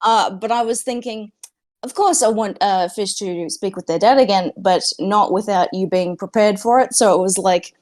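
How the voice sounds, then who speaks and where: A woman at a tabletop game chats casually with the group. She jokes and giggles easily, and her voice sits at an ordinary middle pitch. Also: moderate pace, a little mellow. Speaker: player. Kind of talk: casual chat.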